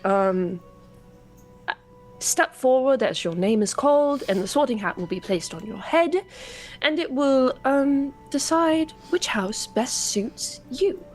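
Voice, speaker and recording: An elderly male wizard headmaster addresses new students in a tabletop game, as a woman game master reads him with little disguise. The delivery is formal and unhurried, with the voice sitting a little high. Faint music runs underneath. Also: lively intonation. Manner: half-hearted, drops the accent.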